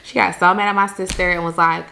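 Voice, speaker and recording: A woman from Jamaica telling a vacation story to her viewers in a casual storytime, animated and laughing often. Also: on the low side, fast, creaky.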